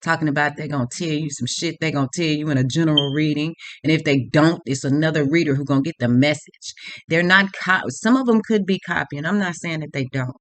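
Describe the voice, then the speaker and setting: A woman's voice: low voice, fairly quick, dry recording. A woman tarot reader delivering an unscripted rant to her viewers, blunt and heavily profane, laughing now and then at her own points.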